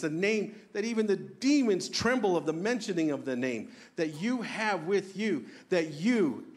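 A pastor preaching an earnest, conversational sermon, asking the congregation questions and joking about himself. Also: male voice, a little high. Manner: self-deprecating humor.

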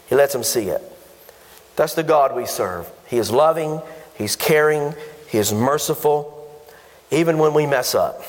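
High-voiced man preaching a sermon. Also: in a large hall. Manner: emphatic preaching with rhetorical questions to the congregation. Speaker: pastor. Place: church sanctuary.

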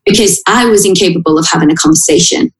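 A woman telling a painful personal story in an interview, halting and emotional, with frequent restarts. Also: on the low side. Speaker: interview guest. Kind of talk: personal account in conversation. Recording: roomy echo.

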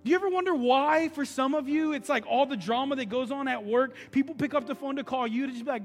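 A man's voice: very high voice, fairly quick, few pauses, long reverb tail, soft background music. A man preaching a sermon as pastor, telling stories in a loose, conversational way. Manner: conversational storytelling preaching, animated.

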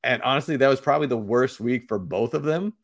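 A man's voice: medium pitch, quick pace. A man co-hosting a casual sports podcast, talking in an upbeat, chatty way and laughing often. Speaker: podcast co-host.

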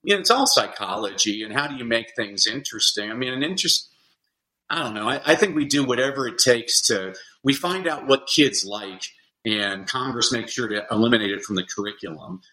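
Podcast guest, male educator: bright, punchy voice, animated anecdotal delivery. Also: medium pitch, brisk, rough recording. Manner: animated storyteller acting out kids' voices. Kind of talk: casual podcast chat.

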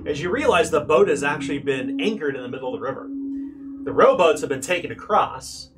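A man narrating a tabletop role-playing game as game master, his voice rising and falling expressively. He describes scenes with a slightly higher pitch and plenty of fillers.

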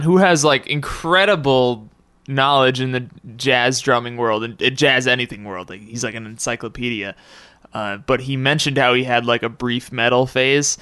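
A young man hosts a casual podcast chat, rambling through stories and breaking into laughter. His voice is bright and smooth, recorded close and dry. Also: mid-range voice, no echo. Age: young adult. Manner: rambling, laughs often, quick quotes. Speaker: podcast host.

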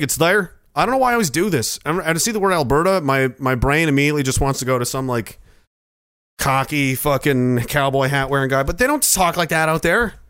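A man's voice: on the high side, a bit bright, dry recording, studio quality. Man reading chat on a livestream. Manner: rambling, profane and joking. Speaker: livestream host.

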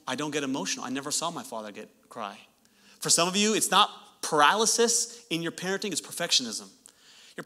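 A man in his thirties, a pastor preaching a sermon in an animated way, with joking asides to his congregation. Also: medium pitch.

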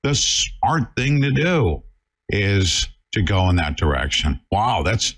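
Brief: male talk host, low husky voice, combative rant. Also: big pitch swings, slow pace. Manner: fiery, combative, swings between shouting and muttering. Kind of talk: bombastic talk radio rant.

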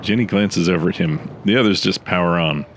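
A man narrating a comedic audio drama in a dry, deadpan style. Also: low voice, a little fast, slight background noise.

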